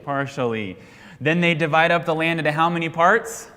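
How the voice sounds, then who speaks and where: A slightly high, pushed and bright voice belongs to an American man teaching Sunday school at a moderate pace. Reviewing Bible history in a church classroom, he quizzes the class and leaves his sentences unfinished for them to complete, all under a long hall reverb.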